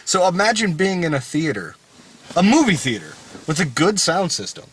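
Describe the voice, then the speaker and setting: A man with a fairly high, bright voice co-hosts a casual chat about films outdoors in the cold. He grumbles and swears freely as he rants. Faint background noise sits under his voice. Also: wildly swooping pitch, moderate pace, low-quality recording. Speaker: movie review co-host.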